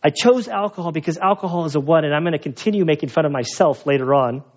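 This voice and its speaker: A man preaching a sermon in a lively, conversational way, acting out the people he quotes. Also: fairly high pitch, quick pace. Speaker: pastor. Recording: dull lo-fi sound.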